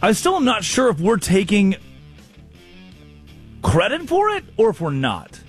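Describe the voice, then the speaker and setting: A man hosting a casual comedic chat show, telling stories with lively voiced quotes. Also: high-pitched, unhurried, faint music behind. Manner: animated storytelling, voices quotes. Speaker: show host.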